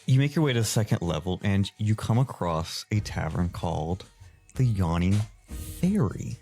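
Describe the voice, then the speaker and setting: A man with a very low voice leads a tabletop role-playing session, narrating places and characters in an easygoing, rambling way. His voice sounds close and dry, with no room around it. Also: dry recording. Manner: relaxed, filler-heavy narration. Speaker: game master.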